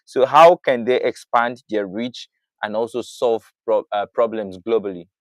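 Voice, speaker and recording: Low-voiced man hosting panel. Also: a little slow, dry recording. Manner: affirming, asks questions. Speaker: panel host. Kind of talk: online panel conversation.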